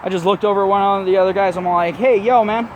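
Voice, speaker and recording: A man's voice: high voice, completely flat delivery, rapid-fire, a little hiss or hum. A man telling a story in a blunt, profane, mocking rant to his vlog audience. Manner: blunt, swears constantly, mocking retelling. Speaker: vlogger.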